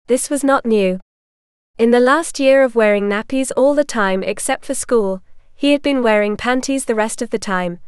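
A woman reading a story aloud in a steady, matter-of-fact scripted narration. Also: a little high, clear, resonant tone, dry recording, clean studio sound.

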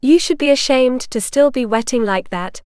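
A woman voicing a gruff, cruel middle-aged woman who talks down to people with a sneer. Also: sits high, normal speed, a little mellow, dry recording, studio quality, lightly acted.

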